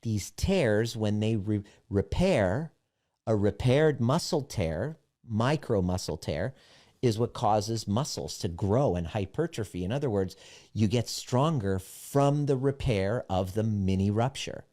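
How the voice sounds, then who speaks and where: A man's voice: fairly low pitch, lively intonation, a little slow, dark tone. A man, a relationship coach, tells a candid personal story and draws earnest lessons from it, blunt and emphatic and swearing freely. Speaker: self-help relationship coach.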